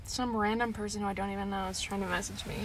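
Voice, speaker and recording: A young woman co-hosting a casual podcast, animated and giggly, swearing freely. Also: mid-range voice, fast talker, far from the mic, noisy background. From New England. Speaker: podcast co-host. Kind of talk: casual chat.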